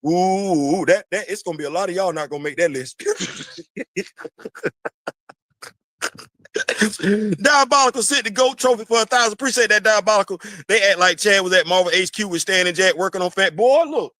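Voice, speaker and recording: High-pitched guy ranting on his show, aave, repeats himself a lot, dry close mic. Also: quick pace, dry recording. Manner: animated, preachy, repeats phrases, talks to chat. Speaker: podcast host. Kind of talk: casual commentary monologue.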